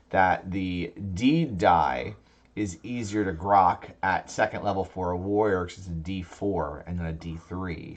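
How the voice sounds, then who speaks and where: A man hosting a casual tabletop gaming podcast, rambling and restarting his sentences as he talks. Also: low voice. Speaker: podcast host. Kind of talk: casual chat about tabletop games.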